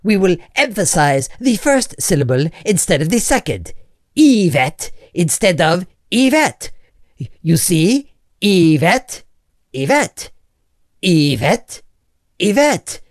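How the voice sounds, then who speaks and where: A man's voice: high-pitched, very animated, measured pace, no room sound, studio quality. A man voicing a pompous, stiffly formal memory coach in a comedy sketch, speaking precisely without contractions. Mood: prim.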